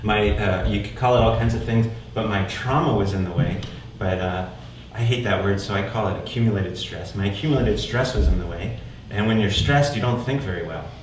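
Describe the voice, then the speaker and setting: A man's voice: fairly low pitch, fairly quick, few pauses. A man performing a theatrical storytelling monologue in a one-man show, talking conversationally and often checking in with the audience with "right?". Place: live stage in a theater. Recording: echoey room, mic far off, noisy.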